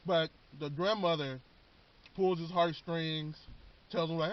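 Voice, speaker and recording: A man's voice: a little high, fairly even intonation, slow. A man casually recapping a TV show in a rambling, slangy way, often repeating words. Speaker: vlogger. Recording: dull lo-fi recording.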